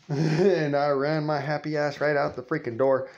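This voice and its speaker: A man's voice: fairly high pitch, level tone, unhurried, a little mellow, dull audio. A man telling a story in a rambling, profane, colloquial way. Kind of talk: casual storytelling vlog.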